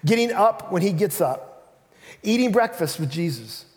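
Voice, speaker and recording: A man preaching a sermon as pastor in a church, telling the story in an animated way and acting out the quotes. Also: high-pitched, normal speed. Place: church sanctuary. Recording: reverberant church hall.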